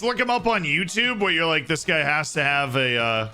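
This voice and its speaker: A man streaming a football management game, chatting to his viewers in an excitable way and laughing often. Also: fairly high pitch, moderate pace, faint music behind. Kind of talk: casual live-stream chat.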